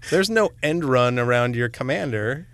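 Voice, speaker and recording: A man with a medium-pitched voice co-hosts a casual podcast chat. He offers opinions in a dry, wry way. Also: animated, moderate pace, a bit bright, smooth, dry recording. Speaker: podcast co-host.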